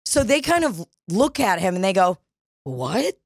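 A woman's voice: mid-range voice, normal speed, no room sound, studio quality. Foul-mouthed woman telling a bar story. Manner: profane, animated, acts out quoted voices. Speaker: podcast co-host. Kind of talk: casual storytelling chat. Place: dining room studio.

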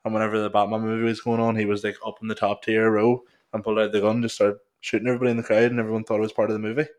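Speaking very fast in a low, slightly mellow voice with little pitch movement, a young Northern Irish podcast co-host chats casually from a small home studio. He rambles, swears, and drops "like" constantly.

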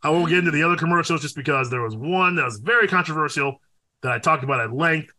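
A young man co-hosting a podcast in casual chat, animated and profane, with loud exclaims. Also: a little high, fast talker. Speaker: podcast co-host.

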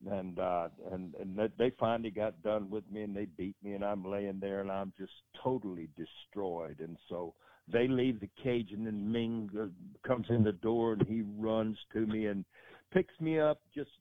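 A man's voice: on the low side, normal speed, dry recording. Older man telling stories over a phone line. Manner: rambling anecdote with many restarts. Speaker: wrestling manager guest. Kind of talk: casual storytelling.

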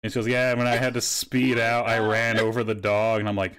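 A man's voice: mid-range voice, monotone, a little fast, fairly bright tone, smooth. Guy hosting a podcast, medium voice, cusses a lot, telling work stories. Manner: swears freely, storytelling. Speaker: podcast host. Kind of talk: casual chat.

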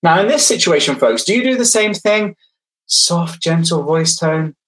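A man's voice: a little high, expressive, normal speed, fairly bright tone, a little hiss or hum, rough recording. A man lecturing online, engaging his audience directly and reading out their replies from the chat.

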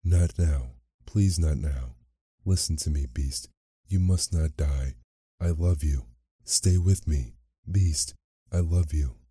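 A man voicing a desperate young woman heroine in a bedtime storybook, reading her lines softly and slowly. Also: rumbling low, husky, dry recording, clean studio sound, exaggerated voice. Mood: pleading. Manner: soft, slow storyteller's reading.

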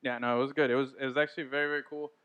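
Excitable fast-talking man on a podcast. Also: mid-range voice, clean tone, highs cut off. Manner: excitable, swears, laughs often. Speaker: podcast co-host. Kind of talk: casual sports chat.

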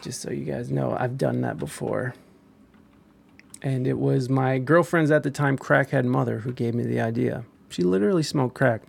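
A man's voice: medium pitch, moderate pace, creaky, darkish tone, husky. A young man giving rambling, crude and profane casual commentary as a vlogger.

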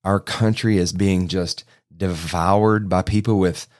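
Middle-aged pastor, folksy storyteller with dry self-deprecating jokes, lowish voice. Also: male voice, steady tone, takes it slowly, darkish tone. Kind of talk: sermon storytelling.

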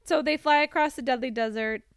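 A woman co-hosting a podcast, recapping a movie in an animated way and laughing often. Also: sits high, a little fast, clear, resonant tone, no echo, studio quality. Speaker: podcast co-host. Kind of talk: casual chat recapping a movie.

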